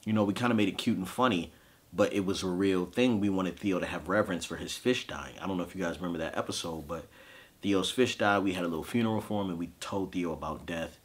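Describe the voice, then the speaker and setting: Deep-voiced grieving man telling a story. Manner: emotional, halting, frequent fillers. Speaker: podcast host. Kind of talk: personal storytelling.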